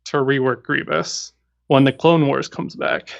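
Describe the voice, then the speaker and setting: A man's voice: mid-range voice, steady tone, unhurried, gravelly. A man hosting a casual gaming stream, answering viewer questions in a rambling way and often repeating words as he thinks. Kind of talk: casual chat. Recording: dull lo-fi stream audio.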